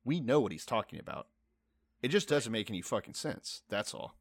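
A man's voice: medium pitch, expressive, a little fast, dry recording, studio quality. A young man in casual podcast chat, explaining a reading with wry, casual swearing.

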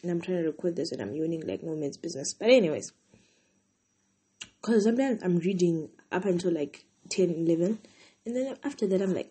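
Young woman, solo podcast host, tired, very breathy and husky, rambling chatty delivery. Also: fairly low pitch, dark tone. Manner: chatty, rambling, heavy use of "like". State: tired, yawning. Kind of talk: casual solo venting podcast.

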